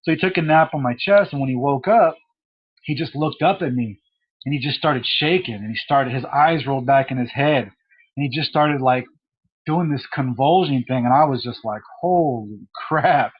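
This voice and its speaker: A young man telling a painful personal story, halting and emotional, with many restarts and his voice catching. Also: medium pitch, breathy edge. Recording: dull lo-fi audio.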